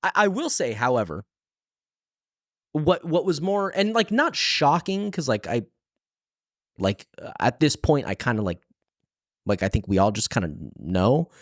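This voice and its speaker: Male podcast co-host, easygoing, unhurried, expressive pitch. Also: no room sound, clean studio sound. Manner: laid-back, full of fillers and restarts, quick to laugh. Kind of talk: casual book discussion chat.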